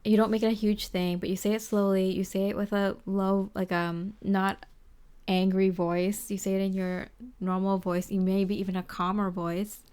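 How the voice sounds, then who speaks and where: A woman giving a tarot reading to the viewer, gentle and reassuring, rambling with lots of fillers. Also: medium pitch, level tone, normal speed, clear, resonant tone. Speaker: tarot reader. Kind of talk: casual spoken tarot reading.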